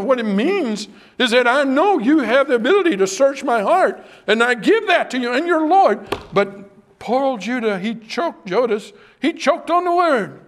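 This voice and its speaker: High-voiced man preaching a dramatic sermon. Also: big pitch swings, normal speed. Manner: impassioned, dramatic preaching that drops to hushed tones.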